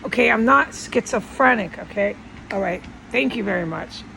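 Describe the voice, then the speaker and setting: A woman's voice: mid-range voice, expressive, normal speed, creaky, pushed and bright, slight background noise, low-quality recording. A woman talking at home in a rambling, defensive monologue, insisting on her points again and again. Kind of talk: casual monologue vlog.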